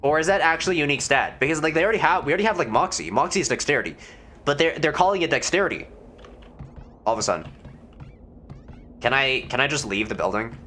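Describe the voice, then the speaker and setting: A man's voice: fairly high pitch, big pitch swings, fast talker, long pauses, bright, forceful tone, soft background music. A man giving casual let's-play commentary, thinking aloud and reading game text. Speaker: gamer.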